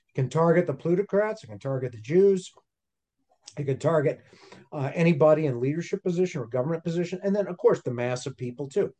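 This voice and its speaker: A man's voice: medium pitch, mellow. A man in casual political chat, emphatic and insistent. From United States.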